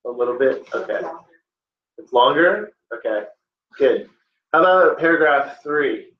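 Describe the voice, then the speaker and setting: A man's voice: mid-range voice, expressive, measured pace. A man teaching a classroom lesson, joking with the class as he talks. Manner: joking, playful asides. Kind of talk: classroom lecture. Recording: dull, roomy classroom audio.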